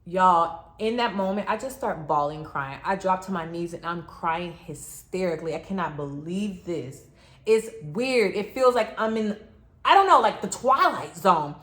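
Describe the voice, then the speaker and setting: A young woman telling a dramatic travel story to her viewers in an animated vlog. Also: fairly low pitch, measured pace. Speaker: travel vlogger.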